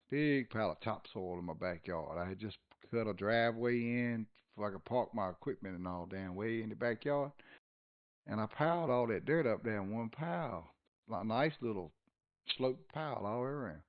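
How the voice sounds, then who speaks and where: A man's voice: lowish voice, highs cut off. A man telling stories in a casual chat, laughing often. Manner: folksy storyteller, laughs often. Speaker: podcast host.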